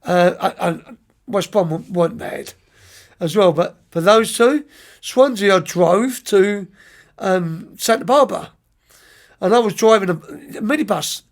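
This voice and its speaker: A middle-aged soccer coach with a notably high-pitched voice tells stories in an interview. He talks in lively, rambling runs, trips over his words and restarts often, clearly enjoying the memory. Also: measured pace. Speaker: youth soccer coach, podcast guest. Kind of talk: anecdotal storytelling in an interview.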